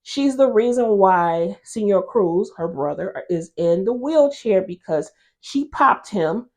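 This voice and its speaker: A woman hosting a casual episode recap, chatty and expressive as she retells the characters' quarrels. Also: medium pitch, takes it slowly. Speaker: host recapping a TV drama episode.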